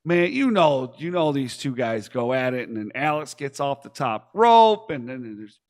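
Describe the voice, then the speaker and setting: A young man from Michigan co-hosting a casual podcast, rambling excitedly and swearing freely. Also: medium pitch, moderate pace. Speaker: podcast co-host. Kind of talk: casual chat.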